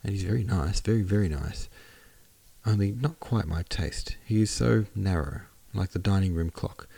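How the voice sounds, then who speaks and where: A man's voice: low voice, normal speed, vocal fry, warm tone, husky, no echo, full character voice. A man reading a playful, teasing teenage girl. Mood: eager, teasing. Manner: eager, teasing questions. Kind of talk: audiobook character reading.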